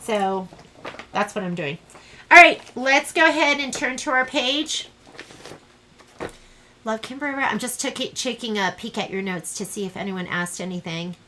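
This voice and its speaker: A woman's voice: on the high side, animated, a little slow, pauses often, bright, forceful tone, a little hiss or hum, rough recording. A woman teaching a live online sewing class, chatting in a rambling, self-deprecating way as she works. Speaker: sewing instructor.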